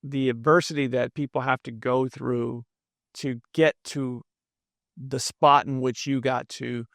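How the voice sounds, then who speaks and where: A man hosting a podcast interview, reflecting on his guest's story in an unhurried way. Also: medium pitch, steady tone, creaky, a bit bright, dry recording, clean studio sound. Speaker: podcast host. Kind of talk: conversational interview.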